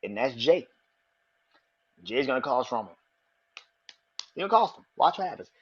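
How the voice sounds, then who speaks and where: A man hosting a podcast, talking excitedly and with a lot of swearing, repeating his predictions for emphasis. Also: mid-range voice, normal speed, slightly rough, muffled recording. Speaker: podcast host. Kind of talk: casual wrestling commentary.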